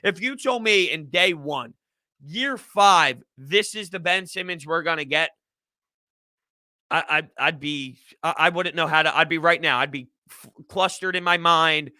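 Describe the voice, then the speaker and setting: A man's voice: fairly high pitch, a little slow, sharp tone, dry recording, clean studio sound. A man hosting a casual livestream sports talk show, emphatic and repetitive as he vents frustration. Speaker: host.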